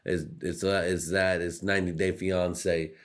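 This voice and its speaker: A man's voice: low voice, little pitch movement, measured pace. A young man hosting a podcast, rambling through a profane, jokey monologue that keeps slipping into put-on voices. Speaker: podcast host. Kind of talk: casual comedic monologue.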